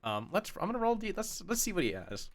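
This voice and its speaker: A man narrating as game master in a tabletop game, animated and laughing often. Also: high voice, fast talker, noisy background.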